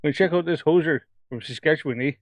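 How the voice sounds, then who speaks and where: A man's voice: a little high, quick pace, no room sound, natural voice. A man putting on an exaggerated Canadian hoser voice, jokey and ending lines with tags. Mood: joking.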